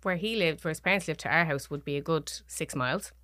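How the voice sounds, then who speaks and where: Soft-spoken Dublin woman, dry close sound. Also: deep voice, quick pace, dry recording. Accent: Dublin Irish. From Ireland. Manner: soft-spoken, drops to near whispers in quotes. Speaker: podcast guest. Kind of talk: personal storytelling.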